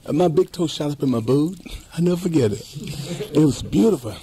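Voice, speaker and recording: A man's voice: on the high side, lively intonation, brisk, mellow. A man in his fifties, talking in a casual interview with emphatic, heartfelt repetition. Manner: emphatic, repeats himself, heartfelt. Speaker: interview guest.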